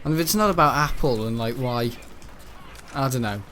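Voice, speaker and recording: A man's voice: medium pitch, normal speed, fairly bright tone, slight background noise. A seventeen-year-old boy, rambling and grumbling through casual gameplay commentary. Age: teens. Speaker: gaming channel host.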